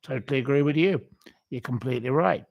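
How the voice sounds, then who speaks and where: A man's voice: medium pitch, quick pace, creaky, dull audio. A man hosting a livestream, reading out viewer comments and ranting bluntly with repeated insults. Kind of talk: casual live-chat rant.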